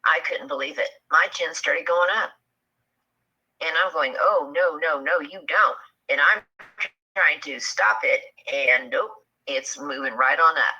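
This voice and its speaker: A woman with a husky voice, recounting a personal story in a hushed way that often drops to a whisper. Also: sits low, unhurried, highs cut off. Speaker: guest telling an encounter.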